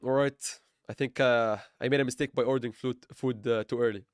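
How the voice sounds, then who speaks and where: A man's voice: medium pitch, fairly even intonation, brisk, clean tone, no room sound. Man, crypto trading livestream, rambling, self-correcting, sarcastic, dry close sound. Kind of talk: live trading stream chat.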